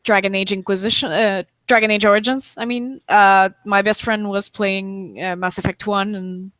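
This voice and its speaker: A woman from Quebec, Canada, speaking in an unhurried way with pauses as a guest on an online panel. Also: medium pitch, steady tone, fairly bright tone, no echo. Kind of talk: casual chat.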